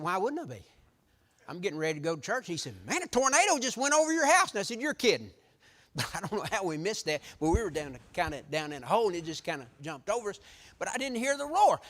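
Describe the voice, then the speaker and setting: A preacher, giving a folksy sermon that tells stories and restarts often. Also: male voice, fairly high pitch. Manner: animated storytelling, folksy, frequent restarts. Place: church hall. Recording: echoey hall reverb.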